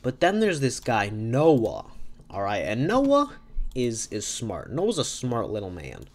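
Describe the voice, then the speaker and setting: A man's voice: medium pitch, wildly swooping pitch, slow. A man hosting a podcast, improvising a silly, rambling comic story and often correcting himself. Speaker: podcast host.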